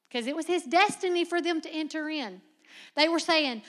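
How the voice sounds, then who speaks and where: High-voiced young woman preaching with animated swings. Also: moderate pace. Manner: lively, humorous, swings from soft low asides to loud emphatic lines; laughs often. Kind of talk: sermon.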